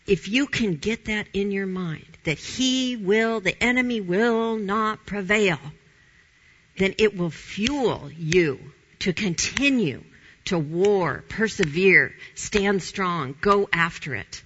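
A woman's voice: on the low side, normal speed, bright, forceful tone, husky, highs cut off. A woman giving a conversational Bible teaching in an informal, emphatic way, repeating her key phrases.

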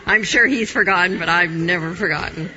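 A woman's voice: fairly low pitch, fairly quick, bright, forceful tone, dull audio. A middle-aged woman giving a candid Christian testimony on a talk show, telling her story with animation and frequent laughs. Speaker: guest sharing testimony.

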